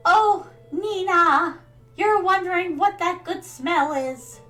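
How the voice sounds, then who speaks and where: A woman voicing a sweet, doting old grandmother villager in a video game, speaking gently and slowly. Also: very high-pitched, faint music behind, pitched above the performer's own voice, full character voice. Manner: gentle, slow and sugary, calls people dear.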